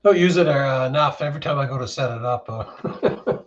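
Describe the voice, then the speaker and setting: A man's voice: mid-range voice, a little fast. A man chatting casually with his live-stream viewers from his shed, greeting them by name while he takes junk apart. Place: home workshop shed. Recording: dull lo-fi sound with clear background noise.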